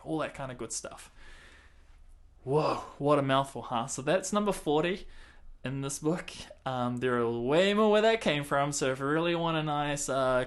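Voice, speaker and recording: A man's voice: mid-range voice, slight background noise. A man teaching a clarinet lesson in a casual, chatty way, counting and singing the beats aloud and laughing at himself.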